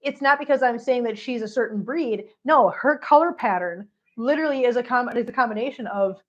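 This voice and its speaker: A woman's voice: a little high, brisk, few pauses, highs cut off. A woman hosting a casual livestream chat from home, talking to viewers and cooing baby talk to her cat, laughing often. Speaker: cat channel host. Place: home, on the floor.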